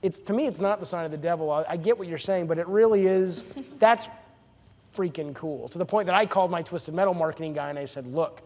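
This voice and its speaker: A man's voice: on the high side, a little fast, a little mellow. A man speaking as a game director on a live panel, telling stories with enthusiasm and frequent restarts. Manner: enthusiastic storyteller with many restarts. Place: stage at a live event. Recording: long hall reverb from a live panel.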